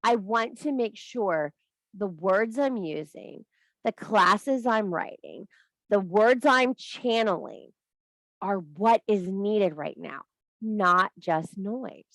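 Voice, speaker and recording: A woman's voice: mid-range voice, animated, takes it slowly, dry recording, rough recording. A middle-aged woman teaching a group, giving a blunt, profane tough-love talk and laughing at herself now and then. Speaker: spiritual course teacher.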